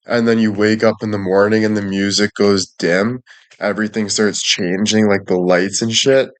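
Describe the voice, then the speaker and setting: A man's voice: lowish voice, fairly even intonation, moderate pace. A young man chatting casually to his audience, rambling and making crude jokes.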